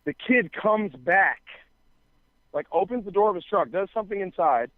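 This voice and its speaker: A man's voice: high-pitched, lively intonation, normal speed, dry recording. A man on a podcast telling a long story in casual chat, full of fillers and swearing, acting out what others said. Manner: rambling, filler-heavy, profane, acts out quoted dialogue. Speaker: podcast co-host. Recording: dry, tinny phone-like sound.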